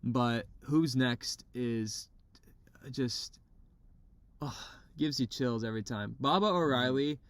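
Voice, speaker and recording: A man co-hosting a podcast from a parked car, chatting casually and excitedly about albums, swearing freely. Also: mid-range voice, takes it slowly, dry recording. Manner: excitable, swears, imitates vocals. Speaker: podcast co-host. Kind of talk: casual chat.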